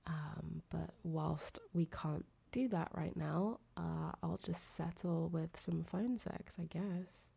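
Sick, nasal young woman, slow. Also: low-pitched, steady tone, gravelly, breathy edge. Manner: soft, intimate, giggly, trailing off. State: sick with a fever, nasal and congested. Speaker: audio creator. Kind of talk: girlfriend phone-call role-play.

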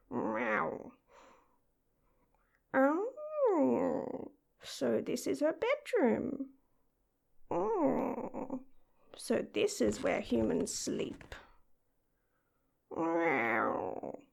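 This is a playful female cat living in a young woman's body, speaking to the listener in an audio role-play, as a woman puts her on. She takes her time over every word and calls herself by name rather than "I". Her high voice is full of gravelly fry and breaks into frequent meows. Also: exaggerated voice. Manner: refers to herself in third person, meows often.

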